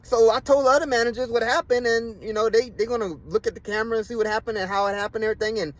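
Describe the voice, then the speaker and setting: In this low-quality clip with no room sound, a vlogger speaks in a high-pitched, steady tone at a racing pace. Hurt from a fall, he angrily rants to the camera, cursing constantly, repeating himself, and starting sentences over.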